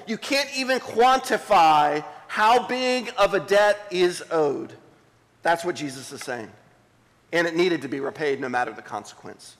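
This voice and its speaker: A pastor preaching a sermon, dramatic and emphatic, dropping to a hushed voice for scripture. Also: male voice, sits high, long reverb tail. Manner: dramatic, drops to a hushed voice when reading scripture. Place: church sanctuary.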